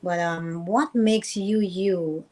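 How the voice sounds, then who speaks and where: A woman singer, a guest on a radio interview, talking in a soft, earnest way. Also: on the low side, fairly even intonation, takes it slowly, poor audio. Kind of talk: casual radio interview chat.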